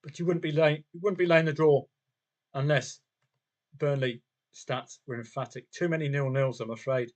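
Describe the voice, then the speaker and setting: A man's voice: fairly high pitch, fairly even intonation, normal speed. A man hosting a live football trading stream, chatting casually to viewers and himself with frequent rhetorical questions. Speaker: football trading livestream host. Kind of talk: casual live commentary on matches and bets.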